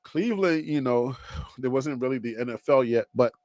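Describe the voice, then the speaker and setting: A man's voice: medium pitch, moderate pace, darkish tone, no room sound. A man hosting a sports talk show, speaking casually and repeating himself as he builds his point.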